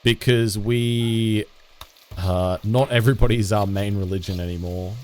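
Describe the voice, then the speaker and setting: A man's voice: on the low side, a little mellow, a little hiss or hum. A young man livestreaming a game, chatting casually and self-deprecatingly with viewers, often restarting his sentences. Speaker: game streamer.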